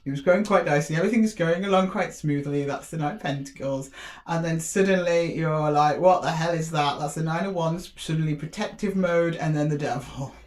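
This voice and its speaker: A woman's voice: deep voice, a little mellow. A woman talks through a tarot spread to the camera. She keeps it light and chatty, laughing a lot and slipping into little voices for the universe between cards. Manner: chatty and playful, laughs often, acts out the universe in quick asides. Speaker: tarot reader. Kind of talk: casual tarot reading to camera.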